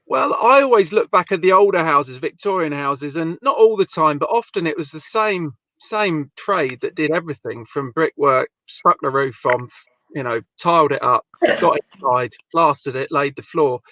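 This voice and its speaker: A man's voice: fairly high pitch, lively intonation, normal speed, sharp tone. A man hosting a live-stream chat about bricklaying, reading viewer comments aloud and asking his guests questions. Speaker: host.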